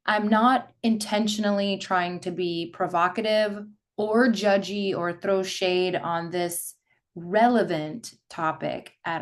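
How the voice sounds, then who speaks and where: A woman in her thirties talks through a solo podcast episode in a chatty, emphatic way. Her voice sits at an ordinary middle pitch. She presses her points hard and often wanders into quick asides. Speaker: podcast host and fitness instructor trainer. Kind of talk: casual solo podcast talk.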